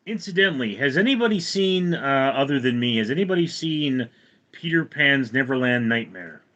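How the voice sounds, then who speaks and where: On a casual livestream with dull audio, a California man rambles and reads chat questions aloud before answering them. His medium-pitched voice is animated and sharp in tone, at a moderate pace.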